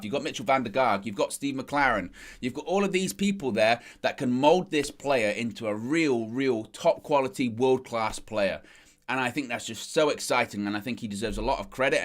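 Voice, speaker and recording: Host read: a man, mid-pitched fan-show presenter, conversational and punchy, ramps up on big points. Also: a bit bright. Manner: emphatic, builds up energy on key points; reads out quotes then comments. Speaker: football fan-channel host. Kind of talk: casual football chat after a match.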